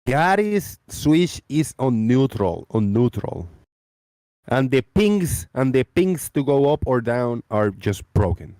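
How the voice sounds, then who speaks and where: A man's voice: medium pitch, sing-song, slow, mellow, no echo, clean studio sound. A man hosting a live-stream debate chat, rambling and repeating his phrases. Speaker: host.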